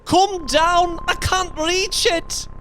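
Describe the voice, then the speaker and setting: A man voicing a desperate, frantic old woman who screams in a high, shrill voice in a dramatic audiobook reading. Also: fairly even intonation, extremely slow, pushed and bright, a little hiss or hum, heavily acted.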